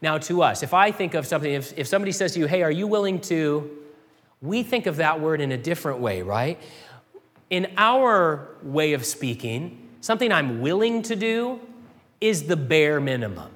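Animated preacher with a ringing hall sound. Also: male voice, a little high, normal speed. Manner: animated preaching, wide swings from loud to hushed. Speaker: pastor. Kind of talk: sermon. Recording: long hall reverb.

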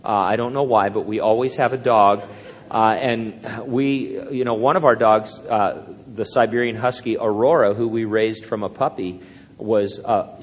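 A man's voice: fairly low pitch, highs cut off. An older man, a pastor, preaching a sermon in a rambling, anecdotal way with self-deprecating humor. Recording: long hall reverb.

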